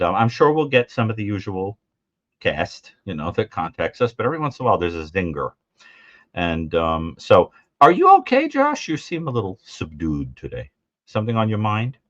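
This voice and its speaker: A man's voice: sits low, dry recording, muffled recording. A man co-hosting a call-in show, telling funny stories in casual chat and mimicking the people in them. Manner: animated storyteller, mimics voices, laughs often. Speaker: co-host.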